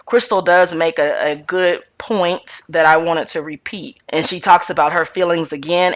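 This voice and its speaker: Sassy bright-voiced woman recapping gossip. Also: sits low. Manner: animated, sassy, talks straight to viewers with "girl" and "honey". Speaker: reality TV recap vlogger. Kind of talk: casual chatty recap.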